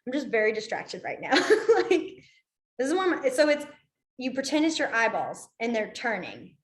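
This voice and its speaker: A woman's voice: fairly high pitch, sing-song, normal speed, echoey room. A young woman teaching a sign language class online, chatty, apologetic and easily sidetracked, laughing often.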